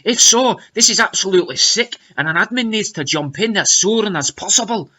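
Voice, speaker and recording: A man putting on a shrill, scandalised Scottish woman. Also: expressive, fairly quick, sharp tone, full character voice. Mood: outraged. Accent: put-on Scottish. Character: indignant female online commenter, put-on Scottish accent.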